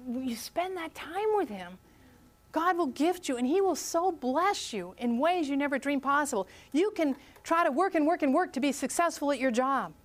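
A middle-aged woman giving a talk on prayer, telling a story and acting out the quoted voices with animation. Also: fairly high pitch. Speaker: speaker on prayer.

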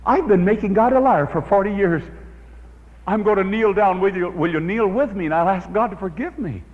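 A man's voice: high voice, sing-song, measured pace, voice pushed up. A preacher voicing a repentant older woman. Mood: earnest. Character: older woman, tearful, repentant church member. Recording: dull old recording in a reverberant hall.

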